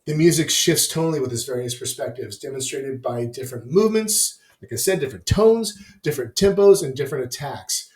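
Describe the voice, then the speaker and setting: A man's voice: medium pitch, lively intonation, brisk, hardly any pauses, a little mellow. A man hosting a music review, talking through albums with enthusiasm, profanity and wry asides. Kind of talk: opinionated album review monologue. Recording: roomy echo.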